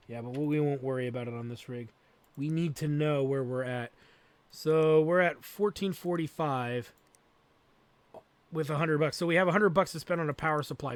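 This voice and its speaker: Higher-voiced man narrating gameplay. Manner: thinks aloud and swears freely. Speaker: let's play host. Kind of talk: gameplay commentary.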